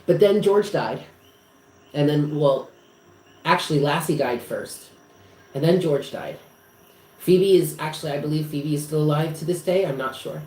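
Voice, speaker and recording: A man's voice: fairly high pitch, moderate pace, dark tone. A man chatting casually on a live stream, rambling and emotional with many fillers, at home in his apartment. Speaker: psychic reader hosting a live stream. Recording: echoey room with faint noise.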